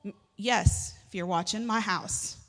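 A woman's voice: medium pitch, unhurried, a bit bright. A woman pastor preaching a sermon in a church, chatty and joking, with sudden emphatic rises. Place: church sanctuary. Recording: long hall reverb.

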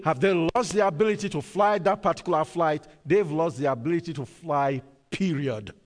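Emphatic preacher with a higher voice. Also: male voice, normal speed, few pauses, long reverb tail. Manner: emphatic, repeats key words, hesitant fillers. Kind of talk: sermon storytelling.

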